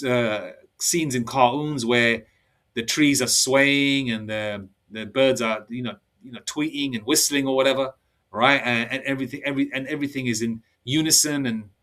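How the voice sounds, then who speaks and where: A man, giving a heated sermon-style monologue. He talks forcefully, repeats himself and keeps checking in with "all right?". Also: medium pitch. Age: 50s. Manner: forceful, repetitive, ends phrases with "all right?". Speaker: preacher. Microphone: laptop mic. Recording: distant laptop mic.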